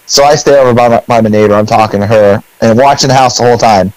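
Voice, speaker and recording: Middle-aged male podcast co-host, mid-pitched, animated storyteller with lots of fillers, dry close sound. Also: fast, no echo, low-quality recording. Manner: animated storyteller, acts out his own lines; rambling with many fillers. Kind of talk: casual storytelling chat.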